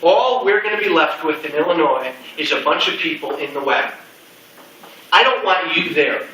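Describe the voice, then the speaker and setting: A man's voice: a little high, expressive, normal speed, pushed and bright, a little hiss or hum. A middle-aged man giving a punchy campaign speech to a crowd, repeating slogans with folksy asides. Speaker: political speaker. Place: meeting room with an audience. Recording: echoey room, mic from a distance.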